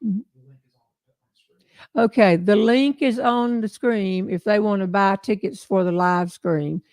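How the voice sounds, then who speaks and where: A woman's voice: medium pitch, takes it slowly, a little mellow, dry recording. An older woman with a Southern American accent, chatting folksily with viewers as host of a casual livestream. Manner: folksy, chatty storyteller, laughs often.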